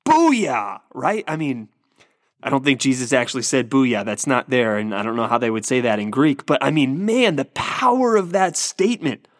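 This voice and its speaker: A man's voice: medium pitch, lively intonation, normal speed, no room sound, studio quality. A man preaching a sermon, earnest and emphatic, often restarting his words as he builds to a point. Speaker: pastor.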